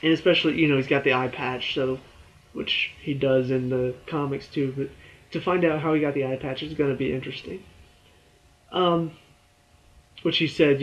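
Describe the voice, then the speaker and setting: A young man giving a rambling, excitable spoken review of a TV show, full of fillers. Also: fairly high pitch, muffled recording.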